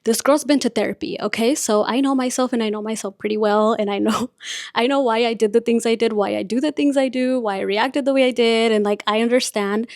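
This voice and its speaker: A woman's voice: fairly high pitch, fairly even intonation, brisk, darkish tone, dry recording. Chatty young woman podcaster, dry sound. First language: Spanish. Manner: chatty, confiding, frequent "like" and "you guys". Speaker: podcast host. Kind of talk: casual chat.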